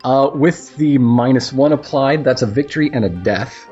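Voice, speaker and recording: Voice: medium pitch, moderate pace, mellow, slightly rough, dull audio, soft background music. A game master running a tabletop role-playing game, checking rules in a matter-of-fact way.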